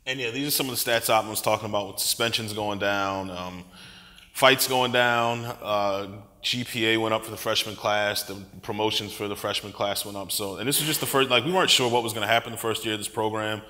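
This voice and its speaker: A man's voice: on the low side, steady tone, brisk, bright, forceful tone. A man presenting results at a conference in a casual way. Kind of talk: conference talk. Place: conference hall. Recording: echoey hall.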